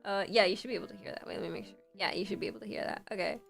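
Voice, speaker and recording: A woman's voice: mid-range voice, rapid-fire, gravelly, a bit bright, faint music behind. A woman streamer chatting casually on a livestream, often repeating words back to herself.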